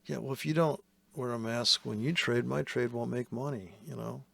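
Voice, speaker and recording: A man's voice: medium pitch, fairly even intonation, normal speed, gravelly, a bit bright, no room sound. A man giving casual, profane and sarcastic commentary while trading live.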